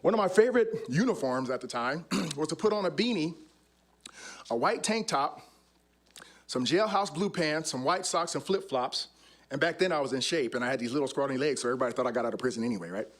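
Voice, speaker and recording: A man speaks to a conference audience and acts out his scenes as he tells them. His voice sits somewhat high and swings up and down with energy. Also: animated, brisk, fairly bright tone. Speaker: former undercover police officer, conference speaker. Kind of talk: animated storytelling talk. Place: conference stage.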